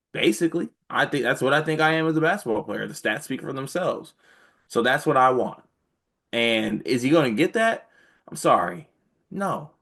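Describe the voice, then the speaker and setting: A man's voice: mid-range voice, fairly bright tone. A man co-hosting a casual sports talk show, loose, blunt and joking. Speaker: sports podcast co-host.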